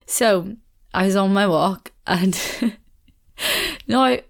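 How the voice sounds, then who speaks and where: A woman's voice: mid-range voice, extremely slow, creaky. A young woman with a Belfast accent hosting a casual solo podcast, chatting in a rambling way with frequent laughs. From Northern Ireland. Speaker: podcast host.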